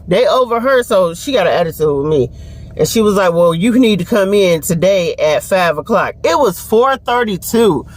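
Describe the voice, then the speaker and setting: A young woman vlogger talks into her phone camera at home and in the car, telling stories in a loose, animated way at normal speed. Her pitch swings widely as she laughs and acts out other people's lines, and she swears freely.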